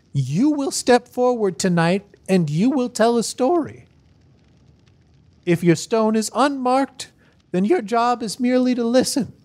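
A game master narrating a tabletop game in a measured, ceremonial way. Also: mid-range voice, a little mellow. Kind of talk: slow, solemn in-world narration for a tabletop game.

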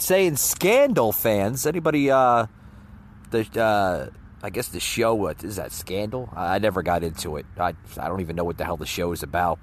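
A man's voice: medium pitch, fairly bright tone. A man hosting a casual political commentary podcast, rambling and stumbling over his words with frequent chuckles. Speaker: podcast host. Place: near a road with passing cars.

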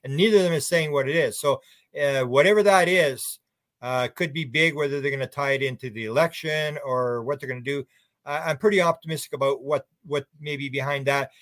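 A man's voice: medium pitch, brisk, fairly bright tone, no echo. An older man as an author guest on a radio show, answering in a rambling and bluntly opinionated way with many restarts.

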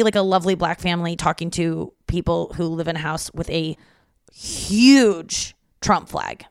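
Recorded dry with clean studio sound, this fairly low-pitched woman runs a solo comedy podcast from home. Her monologue is rambling and profane, full of acted-out exchanges.

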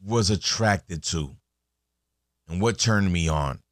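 A man's voice: sits low, slow pace, no echo, clean studio sound. A man in his thirties hosting a podcast, talking in a casual, rambling monologue full of fillers and restarts. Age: 30s. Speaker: podcast host.

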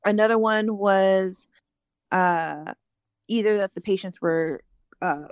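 A woman's voice: medium pitch, takes it slowly, smooth, dry recording, studio quality. A woman on a casual podcast, reading out and explaining a news story with frequent ums and restarts. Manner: explanatory, reads aloud with many ums.

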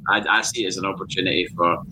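A Scottish man with a lowish, forceful, bright voice tells lively stories in casual football chat. Faint ambient noise sits behind him. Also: racing, poor audio. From Scotland. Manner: storytelling, animated anecdotes.

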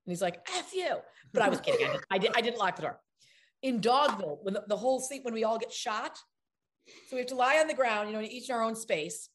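An actress in an interview, telling lively anecdotes and acting out the lines of the people in them. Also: female voice, fairly high pitch, quick pace. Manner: animated storyteller, acts out other people's lines. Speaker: actress guest.

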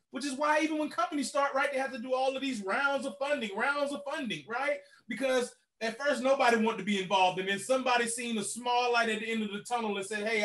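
A man's voice: extremely high pitch, fairly bright tone. A man who owns a car rental business, talking animatedly as a podcast guest and tagging his points with "right?". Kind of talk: casual podcast conversation.

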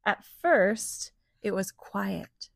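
Lady reading a storybook to kids, slow and a little gravelly, gets them making noises along. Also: medium pitch, no room sound, clean studio sound. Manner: animated, asks children to join in with sounds. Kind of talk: reading a picture book aloud.

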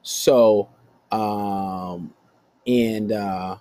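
A man's voice: steady tone, drawn-out words, dark tone. Profane casual man telling a story. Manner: profane, storytelling, mimics voices in high pitch. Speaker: podcast host. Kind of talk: casual improvised monologue.

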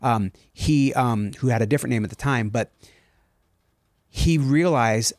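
A man's voice: medium pitch, expressive, unhurried, no room sound, studio quality. A man co-hosting a podcast in casual chat, telling a story with enthusiasm and wandering off on tangents. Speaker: podcast co-host.

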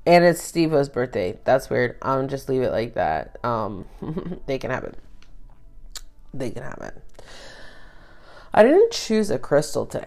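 A woman's voice: rumbling low, big pitch swings, a little slow, long pauses, warm tone. Chatty woman hosting a tarot podcast. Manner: rambling, chatty, drops swear words, many fillers. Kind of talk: casual astrology talk.

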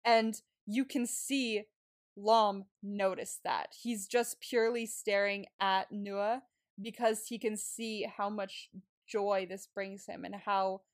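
A woman co-hosting a podcast in casual chat, excitable, laughing often and swearing casually. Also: mid-range voice, slow pace. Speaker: podcast co-host.

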